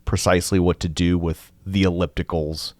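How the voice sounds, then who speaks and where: A man co-hosting a casual podcast chat, his voice a little low. He keeps slipping in playful jokes and made-up asides. He is recorded dry and close on a studio mic. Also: level tone, moderate pace, dry recording. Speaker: podcast co-host.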